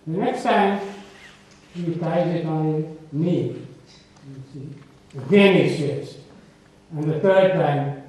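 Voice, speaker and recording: An older man giving an academic lecture in an auditorium. He talks in an unhurried, digressive way and often adds "you see". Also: fairly high pitch, warm tone. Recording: echoey hall from a distant mic.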